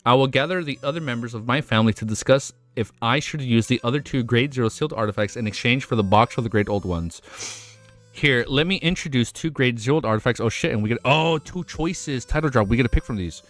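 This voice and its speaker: A man's voice: mid-range voice, fast, hardly any pauses. A young man live-streaming from home, chatting casually and reading a story aloud, loose and slangy, often saying "man" and "bro" and swearing freely.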